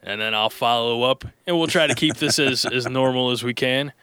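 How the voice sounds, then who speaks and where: A man hosting from a studio booth with headphones on. His voice is bright and cleanly resonant, with a dry, close sound. He talks in a joking, rambling way and often restarts his sentences. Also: mid-range voice, moderate pace, few pauses, smooth, no room sound. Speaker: radio host. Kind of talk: casual recorded chat. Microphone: studio mic with headphones.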